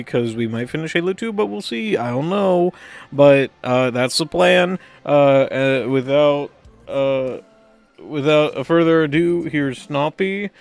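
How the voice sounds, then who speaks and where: A man's voice: fairly high pitch, vocal fry. A man hosting a gaming livestream, goofy and rambling, a little out of breath as he greets his viewers over and over. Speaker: streamer hosting a game livestream. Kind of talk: casual stream chat.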